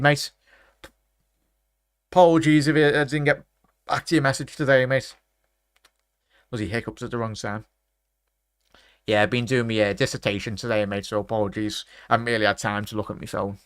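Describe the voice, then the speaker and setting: A young man from England hosts a football watchalong, chatting loosely with his viewers and calling everyone mate. His voice sits at an ordinary middle pitch. The sound is close and dry, with no room around it. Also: fairly even intonation, brisk, long pauses, a bit bright, clean tone, no room sound. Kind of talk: casual live-stream chat and match commentary.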